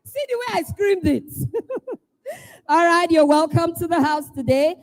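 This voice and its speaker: A Nigerian woman hosting a live event, calling out schools one by one, playful and teasing, often shouting to get the crowd going. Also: very high voice, expressive, slow. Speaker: event host.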